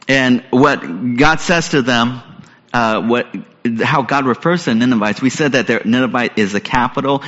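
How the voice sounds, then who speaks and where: Male pastor, earnest conversational sermon, medium pitch, long hall reverb, muffled lo-fi sound. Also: a bit bright. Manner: earnest, conversational preaching with rhetorical questions. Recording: echoey hall, dull lo-fi sound.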